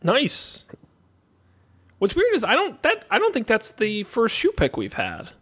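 A man's voice: extremely high pitch, wildly swooping pitch, unhurried, a bit bright, husky. A man hosting a tech podcast, joking with his co-hosts and running through the show plugs in a chatty way. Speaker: podcast host. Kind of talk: casual podcast chat.

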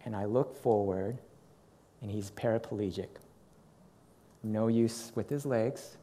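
A middle-aged man preaching, telling a personal story in an animated way and acting out what people said. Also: lowish voice, takes it slowly. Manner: animated storytelling with acted quotes. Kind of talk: sermon storytelling.

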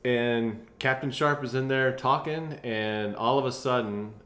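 A man telling a travel story in a casual chat, animated and laughing often. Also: mid-range voice, measured pace. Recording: roomy echoey room.

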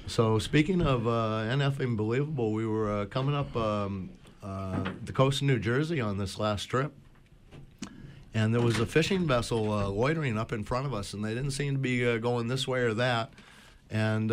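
A man telling rambling boating anecdotes on a community radio talk show, full of fillers. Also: mid-range voice. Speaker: boat talk show regular. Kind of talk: casual storytelling on community radio.

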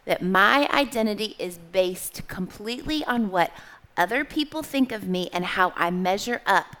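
A middle-aged woman giving a church testimony talk as a small group leader, chatty and animated, asking her audience questions. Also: medium pitch, moderate pace.

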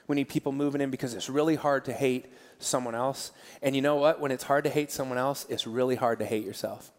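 Earnest pastor preaching in a reverberant hall. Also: male voice, medium pitch. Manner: emotional, earnest, swings from soft to loud. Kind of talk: sermon. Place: large church hall. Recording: long church hall reverb with soft music. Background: soft band music.

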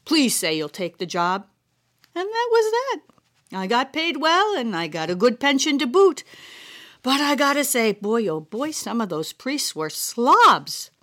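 A proud, no-nonsense grandmother, put on by a woman narrator shares old memories in a chatty, fond way. Her voice swings up and down through a lively range. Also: high-pitched, a little slow, voice pushed up, exaggerated voice. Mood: reminiscing. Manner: fond, chatty storytelling with exclamations. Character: older grandmother, retired cook, plainspoken and proud.

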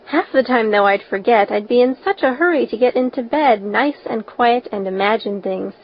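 Talkative dreamy orphan girl, eager, voiced by a woman, highish voice, muffled lo-fi audio. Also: normal speed, a little hiss or hum, natural voice. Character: chatty imaginative red-haired orphan girl. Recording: dull lo-fi recording.

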